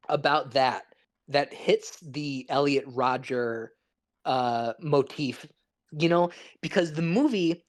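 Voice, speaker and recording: A man's voice: a little high, slow. A man co-hosting a podcast, talking through a film in a loose, rambling, analytical way with lots of restarts. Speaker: podcast co-host. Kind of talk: casual film discussion.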